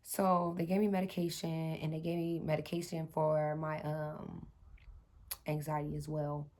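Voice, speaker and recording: A woman's voice: deep voice, level tone, a little slow, darkish tone. Chatty woman telling a storytime. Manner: chatty, addresses viewers as y'all, many fillers and restarts. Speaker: vlogger telling a personal story. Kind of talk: casual storytime to viewers.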